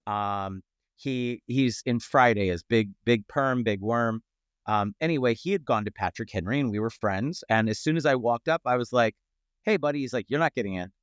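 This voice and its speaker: Smooth-voiced man telling stories. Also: mid-range voice, moderate pace, no room sound, clean studio sound. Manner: animated anecdotes, acts out quoted voices. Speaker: guest comedian. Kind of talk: casual storytelling chat. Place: podcast studio.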